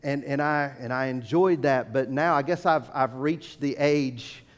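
Middle-aged man preaching in a reverberant hall. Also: medium pitch. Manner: halting, repeats words, animated storytelling. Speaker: pastor. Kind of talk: sermon.

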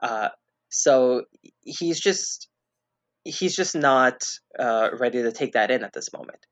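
A man guesting on a casual film podcast, speaking in a measured way with frequent "uh" and "you know". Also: mid-range voice, animated, a bit bright. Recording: dull, slightly lo-fi audio.

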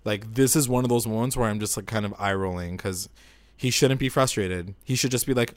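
A man's voice: fairly low pitch, fairly quick, no echo. A man co-hosting a casual recap chat, rambling and opinionated, filling his talk with "like". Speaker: podcast co-host.

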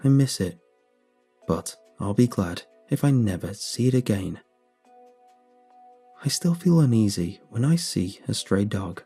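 A man narrating a horror story in a steady, measured way. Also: lowish voice, breathy edge. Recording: faint background music.

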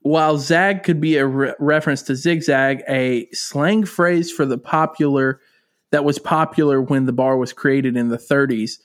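A man's voice: mid-range voice, normal speed. A man co-hosting a podcast, chatting casually and telling fond stories with lots of laughter. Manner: animated, laughs often, fond storytelling. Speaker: podcast co-host. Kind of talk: casual chat.

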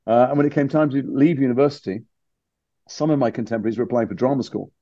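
A man's voice: mid-range voice, fast talker, warm tone, no room sound, highs cut off. A man from Liverpool, a guest actor telling his story candidly and animatedly in a casual interview chat. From Liverpool, England.

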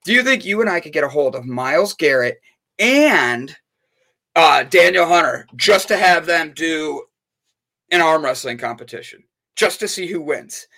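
A bright, energetic man hosts a casual live stream. He banters playfully with his viewers and jokes as he reads their comments. His voice sits a little high. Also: a little slow, gravelly. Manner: upbeat, playful, jokey with chat. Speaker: livestream host.

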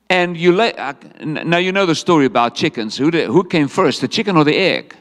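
A man delivers a sermon in a high voice that leaps up and down with energy. He jokes and fires rhetorical questions at the congregation. The church hall gives his words a long, echoing tail. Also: animated, brisk, hardly any pauses. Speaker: preacher.

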